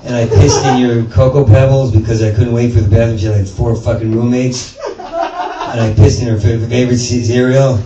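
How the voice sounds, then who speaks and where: A stand-up comedian speaks at a normal pace in an animated mid-range voice, though the audio is dull. Stammering and swearing, he rambles from thought to thought while an audience listens in a small performance space. Expect roomy sound, a distant mic and faint noise.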